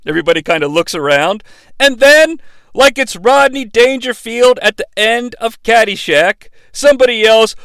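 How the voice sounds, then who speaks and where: A man hosting a comedic movie recap, talking in a profane, animated and sarcastic way. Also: very high-pitched, moderate pace, creaky, clear, resonant tone, dry recording. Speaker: host.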